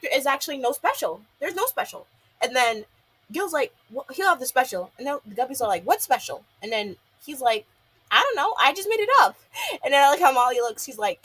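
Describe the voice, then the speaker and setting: Husky young woman rambling through a recap. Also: fairly high pitch, fairly bright tone, rough recording. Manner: rambling recap full of "um" and "and then". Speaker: episode reviewer. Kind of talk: casual video review.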